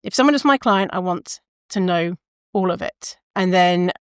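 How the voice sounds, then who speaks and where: A woman's voice: on the low side, animated, moderate pace, clear, resonant tone, no room sound, studio quality. A woman hosting a solo podcast, talking casually in long rambling tangents, cutting herself off mid-sentence and swearing now and then. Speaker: podcast host.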